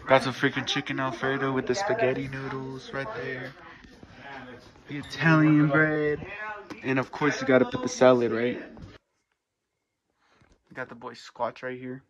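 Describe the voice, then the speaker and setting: A man chatting casually to his viewers in a vlog, loose and relaxed with slang. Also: medium pitch, unhurried, pauses often, a crowd in the background, poor audio. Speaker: vlogger.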